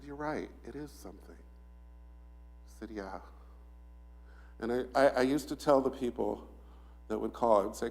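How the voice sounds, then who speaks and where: A middle-aged man giving a memorial tribute to his mother, telling stories in a reflective, halting way that sometimes drops very soft. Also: on the low side, vocal fry. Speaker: son giving a eulogy.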